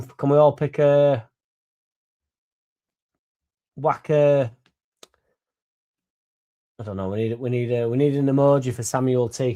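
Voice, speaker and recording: Young lad, fan-channel host, tipsy and sweary, mellow tone, loose and rambling. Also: male voice, mid-range voice. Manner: rambling, sweary and laddish, laughing between lines. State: a bit drunk. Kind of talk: casual livestream chat.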